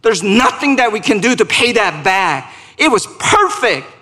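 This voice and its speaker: A male pastor delivers a sermon in a measured, unhurried way, his voice sitting a little high for a man. He speaks earnestly and asks his listeners questions. He builds to emphatic peaks and then drops into quiet prayer. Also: big pitch swings, long reverb tail. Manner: speaks directly to the congregation with questions.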